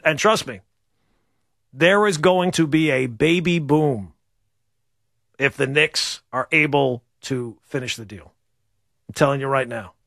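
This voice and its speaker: A man's voice: a little high, gravelly, a bit bright, no echo, clean studio sound. A man hosting a sports talk radio show. He rambles and riffs with wry humor in a casual monologue.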